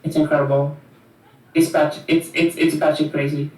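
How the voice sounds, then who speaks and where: A woman's voice: deep voice, flat delivery, moderate pace, darkish tone, reverberant, distant mic. A woman talking casually as a guest reviewer on a music show, gushing and full of fillers. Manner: gushing, filler-heavy, repeats itself.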